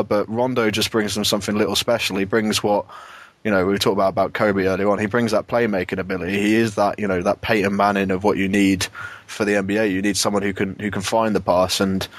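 British man, young, low-pitched, chatty basketball talk, dry close sound. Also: no room sound. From United Kingdom. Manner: chatty, many restarts and fillers, laughs often. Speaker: podcast co-host. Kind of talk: casual basketball chat.

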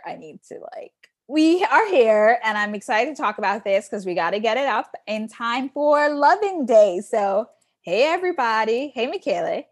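A woman's voice: mid-range voice, normal speed, no echo, studio quality. A young woman co-hosting a podcast, telling a story casually and acting out the people she quotes. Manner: animated storytelling, acts out quotes. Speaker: podcast co-host. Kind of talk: casual chat.

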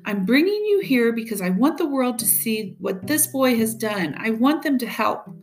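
A woman's voice: fairly high pitch, lively intonation, moderate pace, faint music behind. A woman voicing an earnest male education official speaking emphatically about lost talent.

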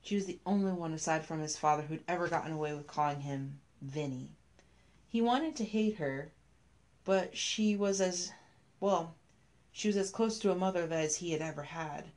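A woman reading a scripted story aloud, telling it in a measured, even way. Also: sits low.

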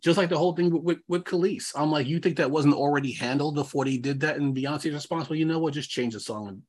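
A man's voice: fairly high pitch, fast talker, darkish tone, breathy edge. Rambling man podcast co-host. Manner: rambling, filler-heavy, restarts often. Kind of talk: casual chat.

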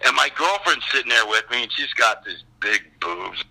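An older man, a guest actor, telling stories in a casual chat on a call, profane and animated. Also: medium pitch, moderate pace, breathy edge, poor audio.

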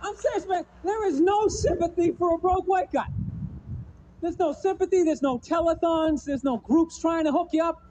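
High-voiced, rambling stand-up comic man. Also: moderate pace, mellow, slight background noise. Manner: loose, rambling delivery full of "you know" and "man". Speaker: stand-up comedian. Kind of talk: stand-up routine.

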